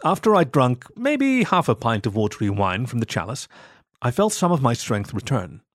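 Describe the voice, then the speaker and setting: A man's voice: medium pitch, very animated, normal speed, dry recording. Male storyteller, dry close voice. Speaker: narrator. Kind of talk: first-person story narration.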